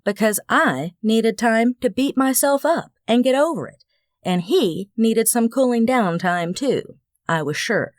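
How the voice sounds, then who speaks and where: A woman narrating a first-person audiobook with an expressive, wry storytelling manner. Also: medium pitch, no room sound, studio quality.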